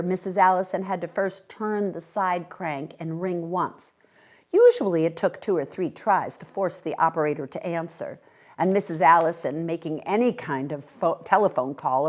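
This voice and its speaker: A woman reading a short story aloud at a library event, with expressive, animated delivery. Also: on the low side. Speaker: guest reader.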